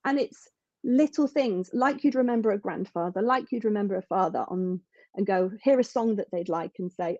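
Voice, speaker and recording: A woman's voice: medium pitch, normal speed, a little mellow, dry recording, muffled recording. A woman speaking as a podcast guest in an earnest, reflective way, often restarting her sentences. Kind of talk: conversational interview.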